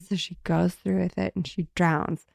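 A woman with a low, gravelly voice talks through a book in casual, sarcastic chat. She keeps slipping into quick impressions of the characters. The sound is dry and close. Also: flat delivery, a little mellow, no echo. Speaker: book discussion co-host.

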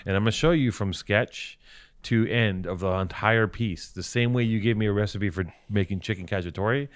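A man's voice: lowish voice, normal speed, clean tone, no room sound. A man co-hosting a podcast in casual banter, talkative, teasing and profane, explaining things at length. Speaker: podcast co-host.

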